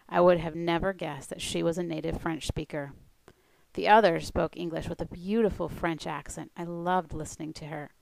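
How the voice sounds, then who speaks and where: A woman who coaches language learners, giving a scripted presentation in a clear, steady way. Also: low-pitched, dry recording, rough recording. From United States.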